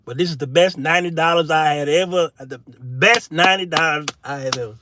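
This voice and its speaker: A middle-aged man hosting his own show in a solo monologue, turning from preachy sermonizing to folksy comic storytelling with shouted punchlines. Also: a little high, a little fast, noisy background. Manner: folksy, casual speech. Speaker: show host.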